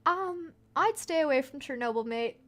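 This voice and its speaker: A woman's voice: sits high, lively intonation, moderate pace, a bit bright. A woman streaming a game, chatting casually, joking and laughing often as she rambles. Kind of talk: casual playthrough chat.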